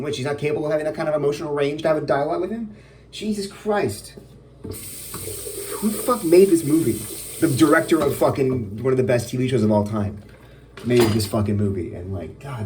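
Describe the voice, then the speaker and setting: This American vlogger in his thirties has a warm, mid-range voice as he reviews a film from his kitchen, cooking and filming on his phone. His rant is rambling and exasperated, packed with swearing, and there's faint background noise.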